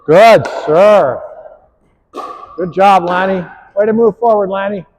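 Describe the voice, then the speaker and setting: A man's voice: high voice, slow, a little mellow, a little hiss or hum, poor audio. A man coaching players on the court, upbeat and encouraging as he calls out praise and instructions. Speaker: pickleball coach.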